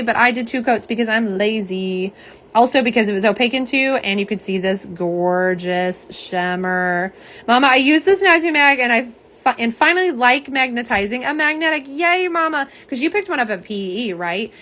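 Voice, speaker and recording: Tired chatty woman livestreaming. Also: on the high side. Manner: chatty, reads viewer comments aloud, trails off soft and tired. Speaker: nail polish livestream host. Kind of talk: casual live-stream chat.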